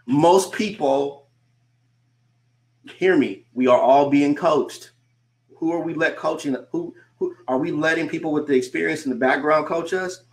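A man, a coach, giving a motivational talk to a remote audience. He repeats his points and asks the listener rhetorical questions, slowing down to stress key phrases. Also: fairly high pitch. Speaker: coach and conference speaker. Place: speaking remotely to a virtual audience.

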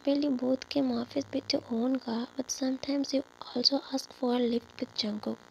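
A woman narrating a fan fiction story in a whispered role-play, softly and steadily. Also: sits high, fairly even intonation, moderate pace, vocal fry, lo-fi sound, slight background noise.

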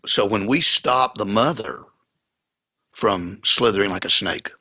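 A man's voice: lowish voice, measured pace, pushed and bright. A man, a pastor, earnestly telling a story in a conversation, with folksy sayings. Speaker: pastor and guest.

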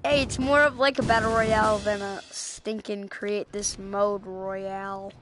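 A young woman chatting casually while playing a game, giggly, excitable and trash-talking. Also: mid-range voice, a little slow, music in the background. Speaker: gamer. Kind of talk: casual gaming chat.

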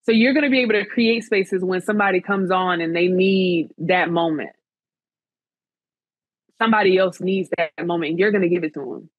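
A woman journalist appearing as a guest in a casual interview chat, speaking in an animated, encouraging, almost preacher-like way. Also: lowish voice, a little fast, breathy edge, no room sound, poor audio.

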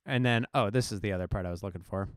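A man's voice: lowish voice, racing, dry recording, clean studio sound. A man casually walking through his music production step by step in a live tutorial. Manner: chatty, explains step by step.

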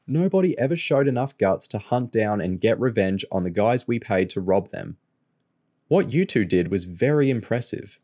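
A man voicing a calm, commanding male crime boss, speaking in an even, firm way. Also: on the low side, moderate pace.

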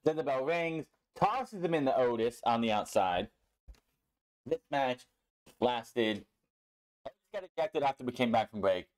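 A man's voice: mid-range voice, animated, a little slow, pauses often. A young man casually recapping and reviewing a wrestling show, chatty and opinionated.

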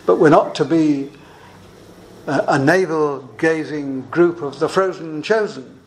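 A man's voice: fairly high pitch, a little slow, slight background noise, low-quality recording. An older man preaching an earnest expository sermon, reading scripture aloud and asking rhetorical questions.

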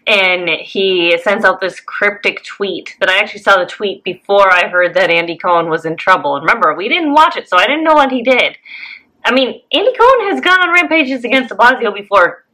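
Woman, bright voice, mid pitch, crude and mocking, podcast chat. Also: animated, brisk, poor audio. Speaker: podcast co-host. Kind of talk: casual opinionated chat.

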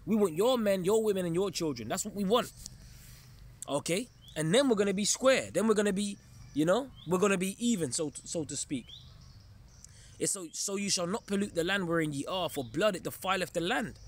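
A man preaching an informal sermon in an emphatic, conversational way, often pausing to check in with his listeners. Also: high voice, lively intonation, a little hiss or hum. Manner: emphatic, keeps checking in with listeners, chuckles darkly.

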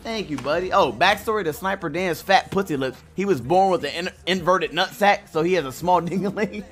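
A young man streaming a game from his home setup, swearing often, joking with chat and breaking into loud laughter and outbursts. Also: sits high, a little fast. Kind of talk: casual live-stream commentary.

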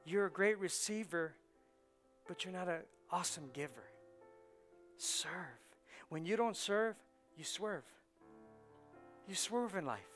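A man preaching a sermon as pastor, swinging from hushed, quiet lines to loud, rising ones and repeating phrases for emphasis. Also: sits high, animated, slow pace, long pauses, soft background music. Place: church sanctuary.

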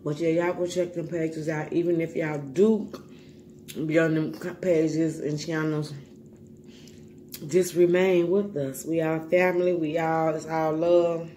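Laid-back slangy vlogger giving shout-outs. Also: medium pitch, little pitch movement, unhurried, a little hiss or hum. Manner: loose, slangy, repeats words. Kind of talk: casual shout-outs while eating.

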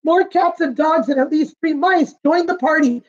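A woman's voice: high-pitched, moderate pace, muffled recording. A woman, a kindergarten teacher, reading a picture book aloud and explaining it to children. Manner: warm, explaining pictures and words to kids.

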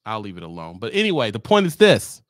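A man's voice: fairly low pitch, huge pitch swings, fast, no echo, clean studio sound. A man who drives trucks, ranting in a comic, profane, rambling way to his viewers. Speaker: trucker vlogger. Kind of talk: comic rant to camera.

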